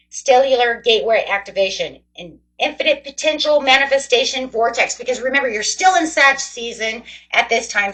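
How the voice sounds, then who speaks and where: A woman's voice: fairly high pitch, a bit bright, poor audio. A woman giving a casual tarot reading to her viewers, chatty, rambling and encouraging. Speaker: tarot reader.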